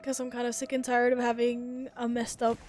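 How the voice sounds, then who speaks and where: High-voiced woman streamer chatting casually. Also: completely flat delivery, brisk, a little mellow, soft background music. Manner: chatty, swearing, reads chat aloud, laughs often. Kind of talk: casual live-stream chat.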